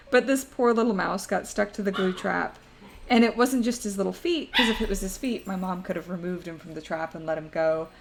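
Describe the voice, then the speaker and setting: A young woman streaming live, chatting casually and rambling through stories, often breaking into laughter. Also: on the low side. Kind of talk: casual chat to a live audience.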